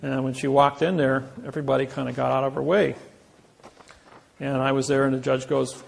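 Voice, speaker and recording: A man's voice: mid-range voice, flat delivery, brisk, gravelly. A man giving an informal seminar lecture, telling rambling anecdotes and acting out the dialogue himself. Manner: storytelling, acting out courtroom dialogue; rambling, self-correcting.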